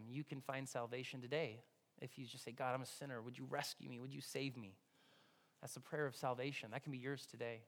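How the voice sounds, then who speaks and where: A man preaching a sermon as pastor, animated and conversational, swinging from hushed, intimate passages to loud, excited ones. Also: sits high.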